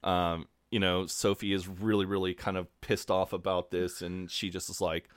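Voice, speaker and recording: A man co-hosting a podcast, recapping in a relaxed, chatty way with lots of fillers. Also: low voice, moderate pace, clear, resonant tone, no room sound, clean studio sound. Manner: relaxed, many fillers, acts out quotes. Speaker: podcast co-host. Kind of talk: casual chat recapping a TV episode.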